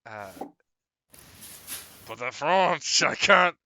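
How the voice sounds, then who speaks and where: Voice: medium pitch, expressive, drawn-out words, a crowd in the background. A game master chatting casually at a tabletop game, stammering, self-deprecating and swearing freely.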